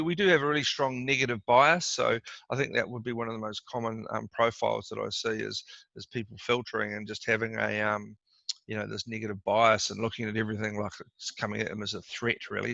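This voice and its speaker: Middle-aged New doctor, gravelly, dry dull call audio, chatty and explanatory. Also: male voice, on the low side, pushed and bright, no room sound. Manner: conversational, repeats words, acts out quoted exchanges. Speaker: doctor giving advice. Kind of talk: casual explanatory interview talk.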